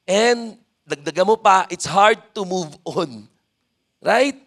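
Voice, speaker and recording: A man's voice: high-pitched, animated, slow, vocal fry, fairly bright tone. A man with a Filipino accent preaching a sermon at a church service, leading the congregation and filling his talk with "amen.". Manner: mixes in Tagalog, leads congregation responses, frequent "amen".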